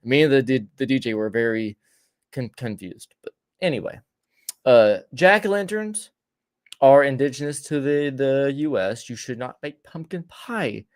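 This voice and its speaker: A man's voice: mid-range voice, expressive, a little slow, dry recording, studio quality. A young man hosting a casual podcast, rambling and stammering through a long story, repeating words as he goes. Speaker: podcast host.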